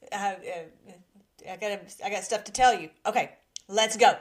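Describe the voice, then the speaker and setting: A woman's voice: mid-range voice, normal speed. A woman hosting a casual live stream from her laptop, emotional and giggly as she greets her chat. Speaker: livestream host. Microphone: laptop mic.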